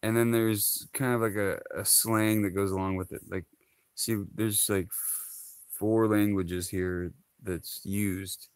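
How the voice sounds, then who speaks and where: A man's voice: lowish voice, steady tone, slow pace, smooth, no room sound. A man from Hawaii, chatting casually to his viewers, laughing often and rambling with lots of fillers. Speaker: vlogger. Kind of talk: casual chat to camera.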